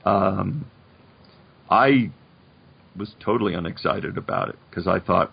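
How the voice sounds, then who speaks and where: A man's voice: sits low, measured pace. A man in his seventies, a guest in an interview, telling stories in a reflective, rambling way with many "you know"s. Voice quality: gravelly and husky. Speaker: guest, animation producer. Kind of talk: casual interview chat. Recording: dull lo-fi recording.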